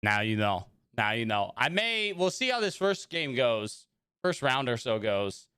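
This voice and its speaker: A man's voice: medium pitch, very animated, measured pace, bright, forceful tone, smooth, no room sound, studio quality. A young man chatting casually with his viewers while streaming a video game, rambling and greeting them by name. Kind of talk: casual livestream chat while gaming.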